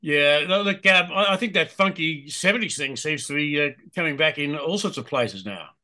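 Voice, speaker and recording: Bright-voiced interviewer, eager. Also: male voice, on the high side, moderate pace. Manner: enthusiastic, hesitant with ums. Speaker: interviewer host. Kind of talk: casual interview chat.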